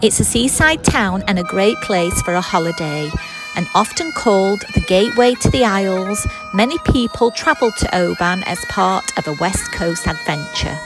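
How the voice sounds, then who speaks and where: A woman's voice: medium pitch, animated, normal speed. A woman narrating a travel vlog in a chatty way, with frequent ums and apologies. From not Scottish. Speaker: travel vlogger. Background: background music.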